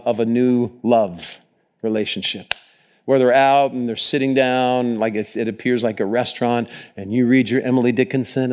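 A man preaching a sermon to a congregation in a conversational, animated way, often acting out short quoted prayers. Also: mid-range voice. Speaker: pastor.

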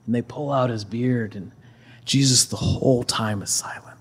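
Preacher, male, husky mid-pitched voice, loose conversational storytelling with fillers. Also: normal speed. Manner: conversational, with many fillers and restarts. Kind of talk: casual retelling of a scripture story.

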